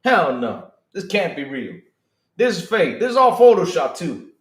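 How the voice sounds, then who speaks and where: A man hosting a casual live stream, reacting excitedly with mock outrage and talking straight to his chat. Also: sits high, normal speed, echoey room. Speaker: streamer host.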